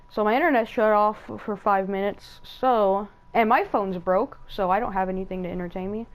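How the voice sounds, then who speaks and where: A woman hosting a gaming channel, telling a casual story over gameplay in an excitable, rambling way, with lots of fillers and restarts, on a headset mic. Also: mid-range voice, moderate pace, poor audio.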